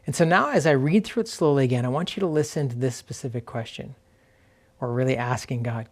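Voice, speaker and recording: Guy pastor, mid pitch, calm slow reflective sermon, reads scripture with lots of pauses. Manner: gentle, unhurried, reads scripture slowly with pauses.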